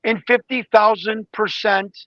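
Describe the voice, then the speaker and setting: High-voiced excitable man, dull audio. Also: measured pace, dry recording. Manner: excited storyteller, acts out quoted exchanges. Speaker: guest investigator. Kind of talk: animated interview talk.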